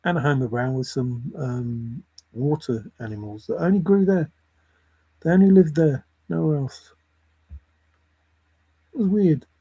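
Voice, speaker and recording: A man's voice: fairly high pitch, unhurried, pauses often, dark tone, husky. A man vlogging about a treasure hunt, rambling and giggling as he comments, repeating words and muttering to himself. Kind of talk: rambling commentary over video.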